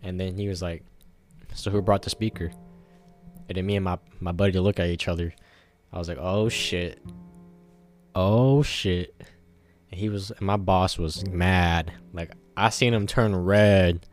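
A man's voice: low voice, fairly even intonation, unhurried, soft background music. A man telling a casual, rambling story to the camera, full of fillers and swearing.

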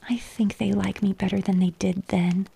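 A woman's voice: medium pitch, fairly even intonation, moderate pace, vocal fry, mellow, slightly rough, full character voice. Woman whispering as a wistful, remorseful girl, whispered role-play. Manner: earnest, wistful. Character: remorseful young girl trying to be good.

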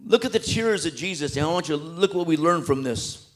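Preacher, male, fairly high voice, impassioned sermon delivery, rises loud then drops to a hush, plain colloquial talk. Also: lively intonation, fairly quick. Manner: impassioned, swinging between loud emphatic peaks and hushed soft passages; colloquial, with repetitions and restarts.

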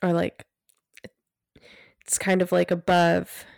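A woman hosting a solo podcast, talking gently and guiding listeners through a practice, sometimes dropping to a hush. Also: on the low side, monotone, vocal fry, dry recording, studio quality. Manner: soft, gentle, unhurried guidance; drops to a hushed near-whisper when demonstrating. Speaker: podcast host.

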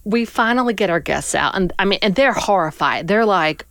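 A woman's voice: mid-range voice, normal speed, no echo, studio quality. A woman animatedly telling a personal story in conversation, acting out what people said. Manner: animated, acts out people's lines. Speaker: guest storyteller.

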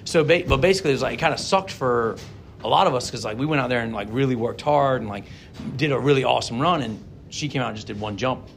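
Gravelly-voiced man rambling about monster trucks. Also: mid-range voice, fast talker, a little hiss or hum. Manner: rambling, laughs often, many restarts. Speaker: monster truck driver and podcast host. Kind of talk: casual podcast chat.

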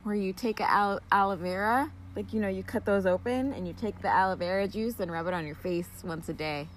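A woman's voice: mid-range voice, fairly quick, a little hiss or hum. A young woman from Southern California co-hosting a podcast, joking playfully in casual chat outdoors in a backyard. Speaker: podcast co-host.

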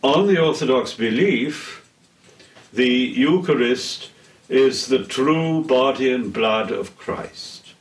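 Slow, solemn older man lecturing. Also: medium pitch, expressive. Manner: deliberate, solemn, pausing between phrases. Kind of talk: slow measured theology lecture. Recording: echoey room, heard from a distance.

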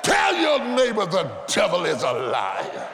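A man preaching a dramatic sermon, building to shouted climaxes and calling out to the congregation. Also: high voice, wildly swooping pitch, a little slow, over a noisy crowd, very noisy. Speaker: pastor. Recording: live church with organ and congregation.

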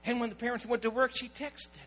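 A man's voice: very high-pitched, flat delivery, brisk, a bit bright, low-quality recording. A man preaching a sermon as pastor, telling stories and acting out the people in them. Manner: storytelling preacher, acting out quoted voices.

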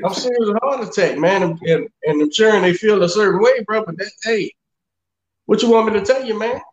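A man with a fairly high voice chats on a podcast in a profane, laid-back way, calling everyone bro and man. The sound is roomy and echoey. It is also dull and lo-fi. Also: brisk. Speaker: podcast co-host. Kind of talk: casual chat.

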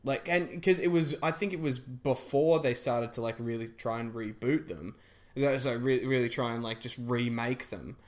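A man's voice: medium pitch, moderate pace. Rambling man chatting about movies. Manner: rambling, frequent fillers and restarts. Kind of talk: casual chat about film trailers.

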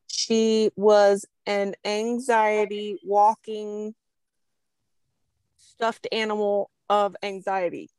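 Slow-talking woman in a casual interview. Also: medium pitch, smooth, no echo. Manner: lively storyteller, laughs often. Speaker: guest.

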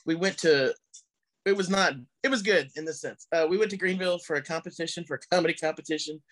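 A male comedian guest telling an animated story in casual chat, swearing freely. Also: fairly high pitch, fast.

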